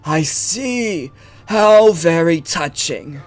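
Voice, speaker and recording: A man voicing a cold older tyrant king, booming and theatrical, reading game dialogue aloud. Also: unhurried, fairly bright tone. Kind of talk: game dialogue read-along.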